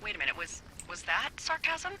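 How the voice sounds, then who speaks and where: A woman's voice: mid-range voice, very animated, a little fast, natural voice. A woman playing a wry, sarcastic fire lookout supervisor who talks over the radio in a video game. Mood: teasing. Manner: teasing, sarcastic, dry. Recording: game audio with background noise.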